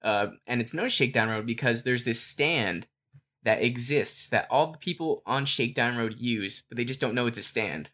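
Man, mid-pitched, podcast co-host, relaxed rambling chat, loose fan-theory talk full of fillers. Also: normal speed.

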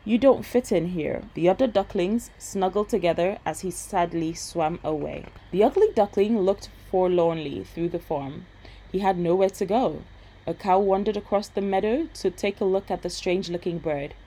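A woman tells a bedtime fairy tale in a gentle, steady read. Her voice sits low and dark with a husky grain. The pacing is calm and unhurried. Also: rough recording. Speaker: storyteller. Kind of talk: bedtime story reading.

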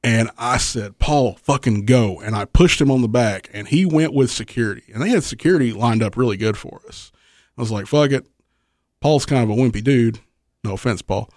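A man's voice: medium pitch, no echo, clean studio sound. A man telling a rowdy story on a podcast, swearing freely, laughing often and acting out the lines of the people in it. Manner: profane, animated, laughs often, acts out quotes. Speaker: wrestling promoter, guest.

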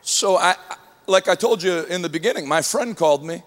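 A man with a high voice delivers a sermon, trading jokes and stories with a congregation. He builds from easy storytelling to ringing shouts. His voice rings out under a long hall reverb. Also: expressive, moderate pace, slight background noise. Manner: humorous storytelling, rising to shouts. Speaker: preacher.

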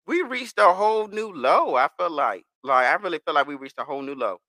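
A young man in casual podcast chat, animated, rambling and profane. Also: a little high, fairly quick, no room sound, studio quality.

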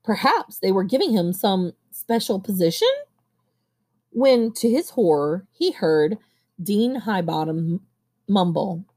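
A woman reading a novel aloud at a steady pace, now and then pausing to correct herself. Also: mid-range voice. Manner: steady reading with occasional coughs and self-corrections. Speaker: audiobook reader. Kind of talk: amateur audiobook reading.

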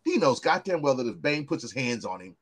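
A man co-hosting a podcast in casual chat, animated and swearing freely, often repeating words. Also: mid-range voice, a little fast, background noise. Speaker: podcast co-host.

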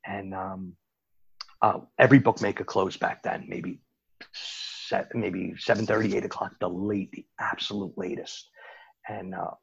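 A man with a very husky, gravelly voice tells a long story in a relaxed, rambling way, circling back and restarting his sentences. The recording is a little dull and lo-fi. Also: low voice, measured pace. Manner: rambling, with frequent restarts and asides. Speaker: interview guest recounting his bookmaking days. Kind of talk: casual storytelling.

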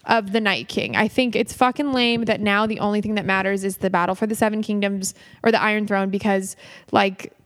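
A woman co-hosting a podcast in casual chat, animated, laughing often and swearing freely, a bit hungover. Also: mid-range voice, fairly quick. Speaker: podcast co-host.

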